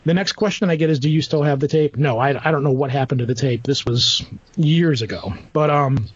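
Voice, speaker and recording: A man's voice: mid-range voice, a little fast, breathy edge, no echo. A middle-aged man telling a personal story in a rambling, casual way, acting out the voices of people he quotes. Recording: dull dry lo-fi recording.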